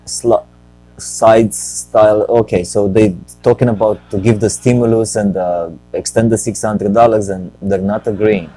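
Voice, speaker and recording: Rambling low-voiced man hosting a show. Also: fairly even intonation, normal speed, few pauses, warm tone, faint music behind, low-quality recording. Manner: rambling and joking, talks to himself. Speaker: show host. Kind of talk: casual solo stock-market talk.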